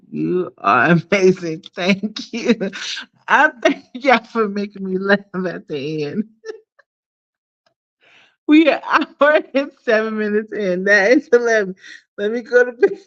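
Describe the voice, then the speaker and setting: A woman hosting a casual livestream, playfully chatting with viewers, shouting them out and laughing often. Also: medium pitch, muffled recording. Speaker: livestream host.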